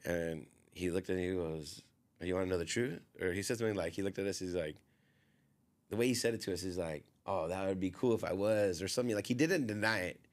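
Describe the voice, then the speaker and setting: A man's voice: low voice, fast talker. A man telling a long story in a casual podcast chat, rambling, full of fillers, and often quoting what others said.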